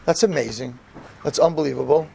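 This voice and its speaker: Speaking a little fast, this rabbi has a slightly high voice with vocal fry, and there's a faint hiss or hum on the recording. He entertains a roomful of yeshiva students with a funny sermon built on stories, animatedly performing each line of dialogue.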